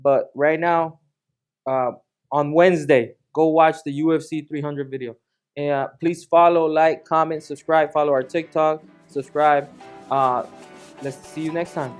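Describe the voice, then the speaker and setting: High-voiced animated man talking fights. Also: a little slow, smooth, faint music behind. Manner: animated, repeats himself, laughs often. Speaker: podcast co-host. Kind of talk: casual fight analysis chat.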